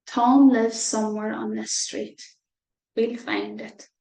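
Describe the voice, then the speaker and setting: A calm storybook mother, voiced by a woman, soothing her anxious son. The voice is gravelly and fairly high with little pitch movement. It is heard in an echoey room. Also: takes it slowly. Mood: reassuring. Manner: soothing and encouraging. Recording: roomy echo.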